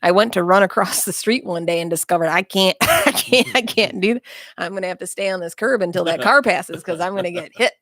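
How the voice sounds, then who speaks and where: A woman's voice: lowish voice, a little fast, fairly bright tone, no echo. A woman guest speaking frankly and bluntly in a casual interview chat, with self-mocking humor, in a small studio.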